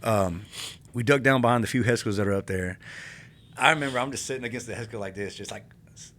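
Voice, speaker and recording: Speaking in a fairly low voice at a quick pace, a retired army infantryman from California recounts war stories. The podcast interview is casual, and he is animated, laughing as he goes.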